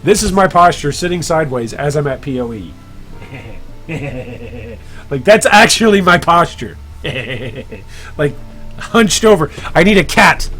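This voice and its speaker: A man's voice: a little high, animated, slow, fairly bright tone, soft background music. A man hosting a casual live stream while trading, joking about himself and chatting with viewers. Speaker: gaming streamer and guild leader.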